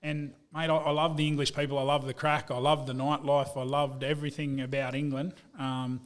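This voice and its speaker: Brief: Aussie bloke, 30s, lively storyteller, mid-pitched, guest in a casual chat. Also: male voice, fairly quick. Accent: Australian. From Australia. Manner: animated storyteller, says "mate" a lot. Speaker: guest, business owner.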